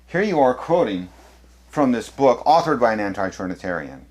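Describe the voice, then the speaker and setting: A man's voice: mid-range voice, big pitch swings, normal speed, a little mellow. A man presenting an apologetics video, walking through on-screen documents with sarcastic, emphatic delivery. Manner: sarcastic, emphatic, leans hard on key words. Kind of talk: critical lecture over on-screen documents.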